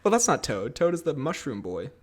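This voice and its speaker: A man's voice: fairly high pitch, sing-song, fairly quick. Chatty laughing male podcast host. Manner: laughs often, jokey, rambling. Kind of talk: casual chat.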